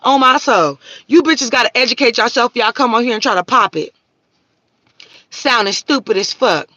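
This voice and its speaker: Woman, thirties, high pitched, dry, muffled sound, confrontational livestream rant. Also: normal speed, pushed and bright, no room sound. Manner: profane, confrontational ranting. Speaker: livestream host. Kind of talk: ranting live stream.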